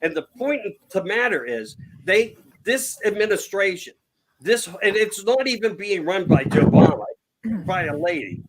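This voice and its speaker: Man, 60s, high-pitched, halting political talk with faint background noise. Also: expressive. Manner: rambling, halting with repeated starts.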